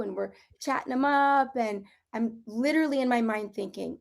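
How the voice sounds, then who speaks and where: Hoarse-ish woman telling a story in a casual chat, acts out the other voices. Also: a little high, moderate pace, hardly any pauses. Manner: animated storyteller, acts out quotes, laughs while telling. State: slightly hoarse, clearing throat. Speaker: property clearing practitioner. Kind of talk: casual group conversation, storytelling.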